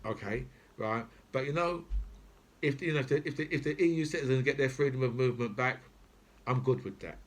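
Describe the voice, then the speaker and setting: Husky british guy ranting to camera, sweary, keeps going "right?". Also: medium pitch, brisk. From Britain. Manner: profane, repetitive, keeps asking "right?". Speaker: channel host. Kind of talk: angry political rant to camera.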